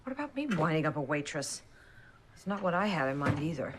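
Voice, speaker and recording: An actress playing a weary, nervous working-class waitress and mother who talks in a nervy, sharp-tongued way. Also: sits low, big pitch swings, a little fast. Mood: sour. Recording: film soundtrack with music and hiss.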